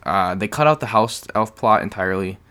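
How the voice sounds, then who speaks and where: A man's voice: on the low side, lively intonation, brisk, sharp tone, clear, resonant tone. A man hosting a casual podcast chat, explaining at length in long turns and joking along the way. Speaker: podcast host.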